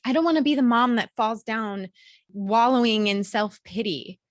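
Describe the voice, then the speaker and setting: A woman's voice: a little high, normal speed, no echo, studio quality. A woman in her thirties hosting a solo podcast, talking in an emphatic, motivational way with some swearing, recorded in a hotel room. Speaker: podcast host.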